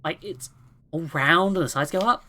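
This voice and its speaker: A woman voicing an excited young boy in a game, chattering eagerly about hover tricks. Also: deep voice, normal speed, voice pushed up.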